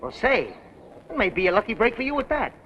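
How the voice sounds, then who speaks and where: A man's voice: sits high, big pitch swings, brisk. An actor playing a brash used car dealer with slangy salesman patter, in 1930s film acting. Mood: smooth-selling. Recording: dull old film soundtrack with faint hiss.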